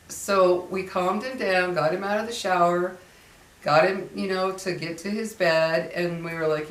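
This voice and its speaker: A woman's voice: fairly low pitch, steady tone, moderate pace, distant mic. A middle-aged woman telling a personal ghost story in a chatty, rambling way, full of fillers and restarts. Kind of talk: casual storytelling. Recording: roomy sound from away from the mic.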